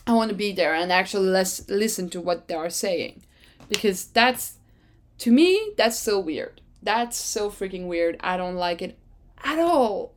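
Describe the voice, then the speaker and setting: A woman's voice: medium pitch, measured pace. Chatty woman podcaster. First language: French. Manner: rambling, chatty, self-correcting, with sudden excited jumps. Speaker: podcast host. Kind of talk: casual solo chat.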